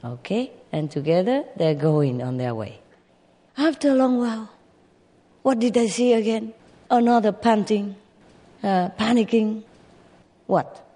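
Slow, mellow fable narrator with long room reverb. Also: mid-range voice, animated. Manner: slow, with sighs, laughs and asides to listeners. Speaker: storyteller. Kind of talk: telling an animal fable.

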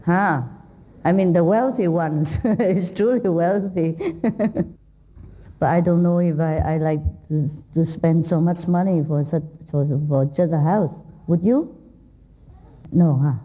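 A woman giving an easygoing spiritual talk to a seated crowd, her words unhurried and her tone mellow. She teases the people near her and laughs easily. The recording has a dull, lo-fi sound. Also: fairly low pitch. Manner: playful, laughs often, chats with the audience. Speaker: spiritual speaker. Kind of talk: informal talk to a live audience. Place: indoor hall with a seated audience.

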